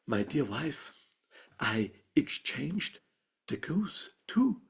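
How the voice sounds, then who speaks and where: A meek peasant husband from a folk tale, voiced by an Austrian man, sheepish and halting. His voice is low-key, gravelly and husky, and he talks very slowly. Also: sing-song, heavily acted.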